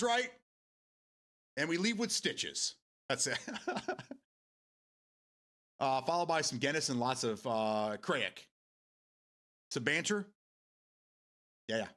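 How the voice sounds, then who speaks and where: An American man talks loosely to his live-stream audience, wandering from thought to thought and breaking into laughter often. His voice sits in a middle register but swings widely in pitch. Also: sing-song, slow pace, long pauses, a bit bright. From United States. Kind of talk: casual chat with viewers.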